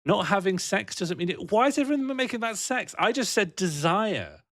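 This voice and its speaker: A man's voice: high voice, very animated, normal speed, a bit bright, no room sound, clean studio sound. A man rambling and joking on a casual livestream, answering his chat and laughing often.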